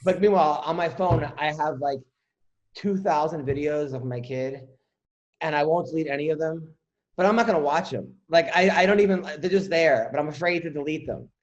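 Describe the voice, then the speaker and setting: A man's voice: fairly high pitch, fairly quick, highs cut off. Joking man hosting a casual podcast. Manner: joking, rambling, swears. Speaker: podcast host. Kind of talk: casual comedic chat.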